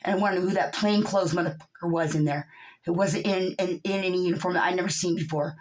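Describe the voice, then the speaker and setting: A woman with a somewhat low-pitched voice delivers a profane, angry monologue to her camera. She drops into low muttering, then climbs into loud yelling, and she sounds upset throughout. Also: fairly even intonation, fast, slight background noise, low-quality recording. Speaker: vlogger.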